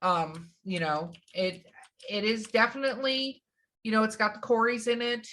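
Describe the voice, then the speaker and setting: A woman's voice: fairly high pitch, steady tone, moderate pace, fairly bright tone. A woman co-hosting a podcast in casual chat, enthusiastic and sometimes trailing off as she searches for names. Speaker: podcast co-host.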